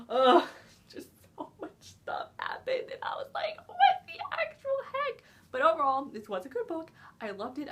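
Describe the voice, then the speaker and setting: A woman's voice: fairly high pitch, fairly bright tone. A young woman reviewing a book in a casual vlog, gushing and emotional, rambling with lots of fillers. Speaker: book vlogger.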